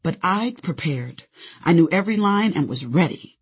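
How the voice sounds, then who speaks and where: Raspy, sassy woman narrating a memoir. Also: on the low side, lively intonation, moderate pace. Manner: sassy, conversational storytelling. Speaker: author and narrator.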